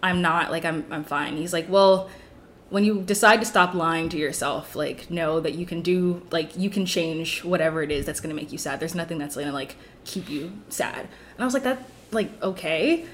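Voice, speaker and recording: A woman's voice: low-pitched, moderate pace, fairly bright tone, a little hiss or hum. Chatty young woman telling a story. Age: young adult. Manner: rambling, fills with "like" constantly. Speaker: podcast guest. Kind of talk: casual storytelling.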